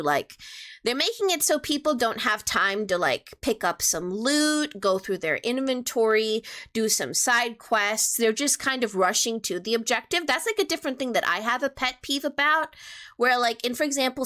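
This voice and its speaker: Lively, bright-voiced young woman streamer. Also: fairly high pitch. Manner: playful, teasing, animated. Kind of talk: casual chat answering viewers.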